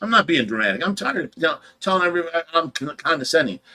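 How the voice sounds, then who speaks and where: Ohio man, fish rescue host, higher pitch, edgy and bright, tired, defensive, blunt. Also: big pitch swings, quick pace. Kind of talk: casual livestream chat.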